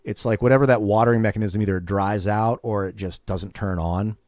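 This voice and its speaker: A man talking off the cuff on his gaming stream, his voice sitting on the lower side. He rambles candidly, curses freely and slips into little impressions of other people. The sound is dry and close, with no room around it. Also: steady tone, a little fast, darkish tone, no echo. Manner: candid, swears freely, acts out what others said. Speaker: streamer hosting a gaming show. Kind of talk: casual rambling chat.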